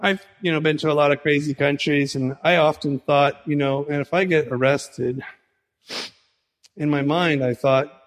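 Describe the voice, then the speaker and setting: A man's voice: fairly high pitch, normal speed. Man preaching in a reverberant hall. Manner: animated preaching, acts out dialogue with Jesus. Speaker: pastor. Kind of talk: sermon.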